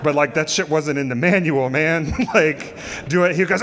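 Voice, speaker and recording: A man's voice: fairly high pitch, normal speed, fairly bright tone. A man from the United States telling a live story on stage, casual and self-mocking, laughing through lines and swearing freely. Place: cultural center stage, live audience. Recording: live hall with long reverb.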